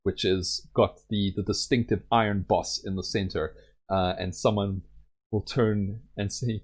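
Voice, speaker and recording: A man's voice: on the low side, level tone, moderate pace, darkish tone, breathy edge. A young man narrating a solo tabletop game in a rambling way with many fillers.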